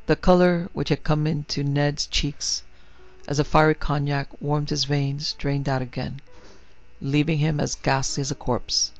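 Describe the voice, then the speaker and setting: A man reading a horror story in a steady, vivid narrating voice. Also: a little high, a little slow, faint music behind. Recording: dry, slightly muffled recording.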